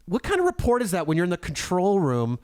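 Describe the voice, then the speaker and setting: A man co-hosting a podcast, talking in a casual, mocking way. His voice sits a little high and swings widely in pitch. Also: quick pace, clean tone. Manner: animated, mocking. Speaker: podcast co-host. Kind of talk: casual chat.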